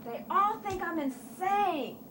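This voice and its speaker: A woman's voice: extremely high pitch, animated, takes it slowly, sharp tone, slight background noise, exaggerated voice. A woman playing a frantic woman insisting she's sane. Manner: pleading, repeating herself.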